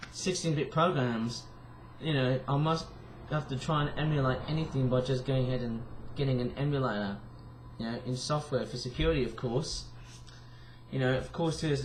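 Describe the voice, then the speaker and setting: Tired, croaky young man rambling. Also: mid-range voice, a little hiss or hum. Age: young adult. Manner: rambling, many fillers and restarts. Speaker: vlogger. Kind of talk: casual rambling vlog.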